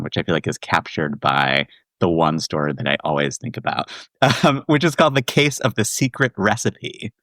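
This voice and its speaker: A man in his forties from the Washington, D.C. area, a guest telling a childhood story in a relaxed chat and laughing often. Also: deep voice, no room sound. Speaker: guest, musical theater writer. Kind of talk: casual podcast chat.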